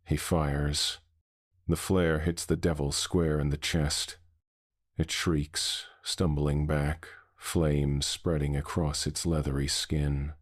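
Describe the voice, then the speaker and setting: Man, horror narrator, somber, very low voice, dry close mic. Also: level tone, takes it slowly, no echo.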